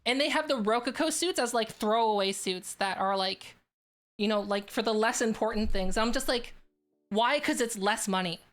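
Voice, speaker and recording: Woman streamer, a touch high-pitched, rambling casual chat over faint background music. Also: moderate pace. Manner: rambling, filler-heavy, restarts often.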